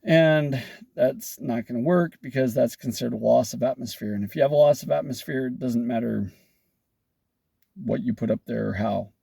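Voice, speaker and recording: A man with a gravelly, mellow voice walks through technical problems like a seasoned welder. He talks casually and throws in sarcastic, wry jokes. The sound is dry and close. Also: medium pitch, moderate pace, no room sound. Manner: sarcastic, wry joking asides. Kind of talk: casual explanatory talk.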